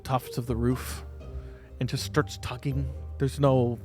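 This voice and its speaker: Male game master, mid pitch, easygoing narration over faint music. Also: takes it slowly. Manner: relaxed storytelling with fillers.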